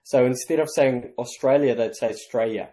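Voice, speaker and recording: A man with a South African accent, an interview guest telling stories in a measured, clearly enunciated way. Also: medium pitch, a little mellow. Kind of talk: casual interview chat.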